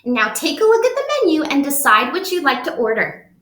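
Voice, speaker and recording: A woman playing a cheerful make-believe waitress whose polite greetings swoop up and down in a sing-song way. The voice sits fairly high, and the room around it is echoey. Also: very animated, brisk, a bit bright. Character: cheerful pretend restaurant server, woman.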